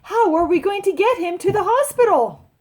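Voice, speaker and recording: A woman reading a children's story aloud, voicing an excitable mother who shouts in alarm. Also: very high-pitched, moderate pace, voice pushed up.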